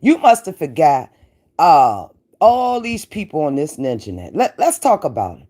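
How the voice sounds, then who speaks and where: A woman's voice: sits low, huge pitch swings, moderate pace, mellow. A woman hosting an online commentary show, delivering a taunting, profane rant at a rival and repeating her catchphrases.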